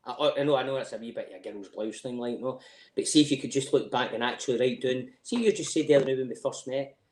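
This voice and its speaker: A man's voice: mid-range voice, fast talker, echoey room. A middle-aged Scottish man telling stories in a podcast chat, laughing a lot and swearing freely. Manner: animated storyteller, laughs often, swears freely. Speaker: podcast guest. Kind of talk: casual chat.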